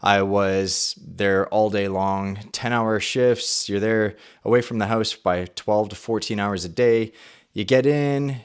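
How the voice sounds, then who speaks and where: Man telling his story with lively ups and downs. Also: lowish voice, smooth. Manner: animated storytelling, acts out his own past thoughts. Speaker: podcast host. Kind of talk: personal testimony and Bible talk.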